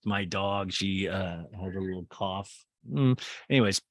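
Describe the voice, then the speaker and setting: A man hosting a casual, comedic recap, animated and swearing, often quoting people in put-on voices. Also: deep voice, measured pace, dry recording. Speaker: podcast host recapping a reality show.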